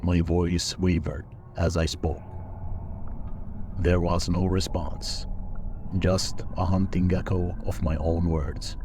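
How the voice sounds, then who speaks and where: Slow deep-voiced man narrating horror. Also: noisy background. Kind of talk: scripted first-person horror narration.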